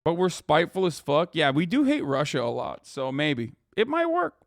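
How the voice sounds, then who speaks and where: A man's voice: a little high, big pitch swings, normal speed, no echo, studio quality. A man in his thirties doing casual live-stream reaction commentary, sarcastic and rambling, swearing often and filling his talk with "uh" and "like".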